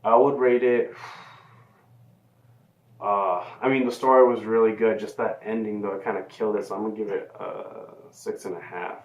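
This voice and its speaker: A man giving his take in a casual film review, animated but halting, full of fillers and the odd swear word. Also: on the low side, muffled recording. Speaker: co-host reviewer. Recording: echoey room.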